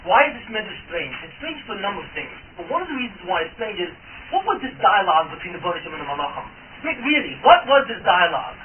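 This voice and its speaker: A rabbi giving a Torah class to a live audience, firing questions at the room and answering them himself. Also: male voice, high-pitched, sing-song, fast, slight background noise. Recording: tinny, distant, lo-fi class recording.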